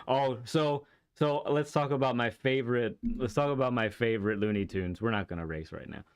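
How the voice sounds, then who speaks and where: A man's voice: mid-range voice, a little fast, clear, resonant tone. A man streaming a racing game, chatting casually and enthusiastically, rambling with many restarts and laughs. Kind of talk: casual livestream chat while playing a racing game.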